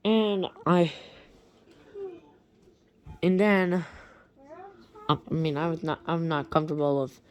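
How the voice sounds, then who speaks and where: Halting, slow-talking woman storyteller. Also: deep voice, darkish tone. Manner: hesitant, halting, many restarts. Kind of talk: rambling horror story retelling.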